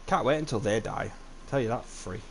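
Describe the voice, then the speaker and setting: A young man narrates his game live, chatting away, swearing freely and jumping into loud excited reactions. His voice sits at an ordinary middle pitch, with a faint low hum behind him. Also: brisk. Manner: chatty, swears often, bursts into excited outbursts. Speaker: livestreamer. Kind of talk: live gameplay commentary.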